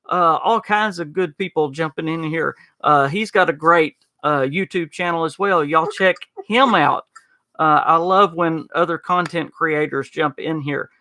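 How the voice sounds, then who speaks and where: Chatty Southern man, bright dry voice. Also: fairly high pitch, dry recording. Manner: chatty, folksy, frequent "uh" and "y'all". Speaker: podcast host. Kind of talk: casual podcast chat reading live chat.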